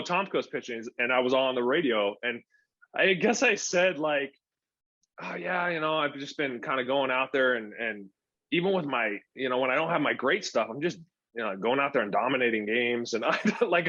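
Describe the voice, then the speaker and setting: A former pro pitcher in his forties, appearing as a podcast guest, tells stories in a casual interview, animatedly acting out the quoted dialogue. The podcast audio is dull and lo-fi.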